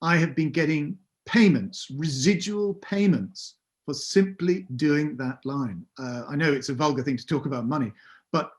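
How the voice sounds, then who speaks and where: Wry man telling an anecdote. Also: on the high side. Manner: wry, self-deprecating, animated raconteur. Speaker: podcast guest. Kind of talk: anecdotal storytelling.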